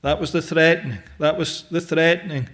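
A man preaching a sermon in a slow, deliberate way, pausing often with "eh" and quoting old scriptural phrasing. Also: fairly high pitch, steady tone, a bit bright.

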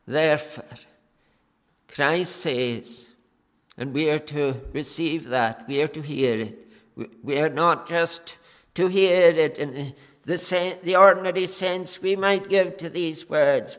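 A man preaching a sermon, earnest and pleading, with long pauses between phrases. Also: a little high, fairly bright tone. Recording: long reverb of a church hall.

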